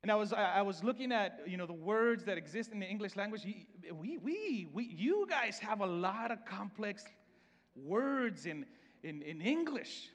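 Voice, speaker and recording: Man preaching, salvadoran spanish accent, high voice, long hall reverb, repeats himself. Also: big pitch swings, moderate pace. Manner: repeats words often and restarts, conversational preaching. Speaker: pastor. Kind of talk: sermon.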